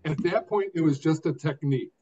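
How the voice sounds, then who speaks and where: A man's voice: on the high side, fairly quick, breathy edge. Older man telling his story with emphasis. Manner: expressive, emphatic, speaks phrase by phrase. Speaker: guest. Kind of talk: conversational storytelling. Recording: dull lo-fi sound.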